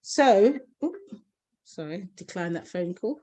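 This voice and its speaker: A woman's voice: mid-range voice, expressive, takes it slowly. Chatty woman host asking questions. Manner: warm, laughs often, chatty. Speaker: interview host. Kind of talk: casual interview.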